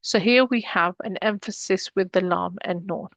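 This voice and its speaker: A woman's voice: medium pitch, normal speed, fairly bright tone, no echo. A woman teaching an Arabic grammar lesson, explaining each rule step by step and mixing English with Arabic terms.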